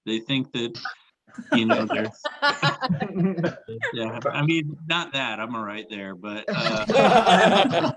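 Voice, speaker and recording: Self-deprecating teacher doing stand-up. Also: male voice, mid-range voice, fairly bright tone, dry recording, low-quality recording. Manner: self-deprecating, halting with restarts and laughing. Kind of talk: stand-up comedy set. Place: comedy club stage with audience laughter.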